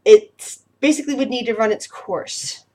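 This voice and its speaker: A woman narrating as game master of a tabletop game, casual and halting. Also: fairly high pitch, dark tone. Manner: casual, hesitant narration with fillers.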